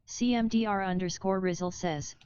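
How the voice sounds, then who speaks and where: A woman's synthetic voice reading out viewers' chat messages in a flat manner. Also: mid-range voice, moderate pace. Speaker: text-to-speech chat reader. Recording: dull lo-fi sound with faint hiss.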